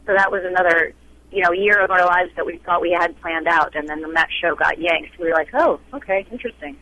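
A woman's voice: on the low side, flat delivery, fairly quick, sharp tone, a little hiss or hum, rough recording. A woman actress being interviewed, talking in a bubbly, chatty way over a remote line.

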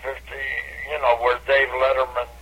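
An older man, a comedian, telling animated stories from his career in a casual radio interview over a phone line. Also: moderate pace, husky. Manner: animated anecdote teller, bursts into high catchphrase. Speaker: comedian guest.

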